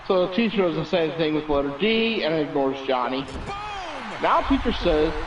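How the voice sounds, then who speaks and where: A man's voice: a little high, lively intonation, moderate pace, background noise. A man co-hosting a wrestling show over an internet call, telling a long joke in a chatty, playful storyteller's manner. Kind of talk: casual chat and joke telling. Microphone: remote internet call. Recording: distant mic with loud crowd behind.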